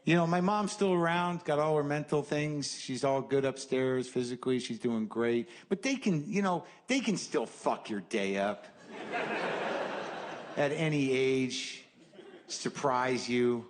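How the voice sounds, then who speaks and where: A man's voice: mid-range voice, expressive, a little slow. A man in his fifties doing a stand-up comedy set, ranting in a profane, exasperated way. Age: 50s. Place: comedy stage. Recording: noisy live stage recording.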